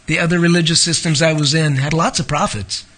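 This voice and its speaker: A man's voice: fairly high pitch, steady tone, a little fast, fairly bright tone. A man preaching a verse-by-verse sermon. He reads scripture aloud, stops to explain it, and puts rhetorical questions to his listeners. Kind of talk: expository sermon.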